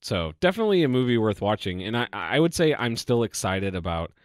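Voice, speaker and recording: An easygoing man with a deep voice chats on a podcast, hesitating and thinking aloud. The sound is close and dry. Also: sing-song, brisk, dry recording. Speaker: podcast co-host. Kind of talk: casual chat.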